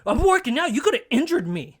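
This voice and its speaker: A man's voice: high voice, very animated, fairly quick, a bit bright, full character voice. A man voicing a cocky young gym jock who confronts someone in a brash, aggressive way. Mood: indignant.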